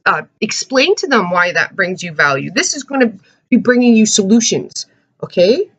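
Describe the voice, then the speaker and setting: A woman's voice: medium pitch, very animated, normal speed. Chatty woman giving a tarot reading. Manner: chatty, keeps checking in with "okay?" and "all right?"; searches for words with frequent "uh" and "um". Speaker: tarot reader. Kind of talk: casual tarot reading to camera.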